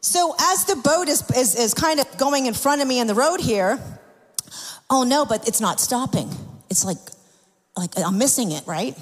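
A woman's voice: sits high, expressive, moderate pace. A woman preaching a sermon, telling personal stories in an earnest, confessional way with frequent restarts. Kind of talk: sermon testimony. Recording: long hall reverb.

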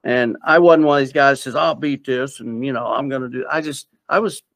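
A man's voice: medium pitch, fairly quick, gravelly, a bit bright, dry recording. A man earnestly telling a personal story in a rambling, casual way. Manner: earnest, rambling, with many fillers and restarts. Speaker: interviewee sharing personal story.

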